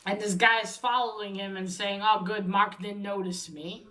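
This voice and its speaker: A woman's voice: medium pitch, steady tone, normal speed, bright, forceful tone, poor audio. A woman casually retelling a story in a rambling, hesitant way, with many fillers and self-corrections. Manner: chuckles while retelling. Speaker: host recapping a story.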